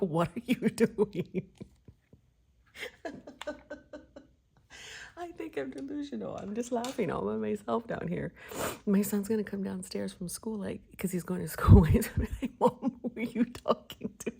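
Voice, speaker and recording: This planner vlogger, a woman in her forties, has a medium-pitched voice with vocal fry and a breathy edge. She crafts while chatting casually, giggling and frequently slipping into a soft whisper.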